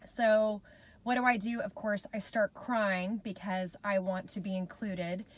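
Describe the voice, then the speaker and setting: A woman's voice: medium pitch, steady tone, unhurried. Chatty heartfelt woman vlogger. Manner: chatty and heartfelt, speaks straight to viewers. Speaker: mom vlogger. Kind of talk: casual storytelling to camera.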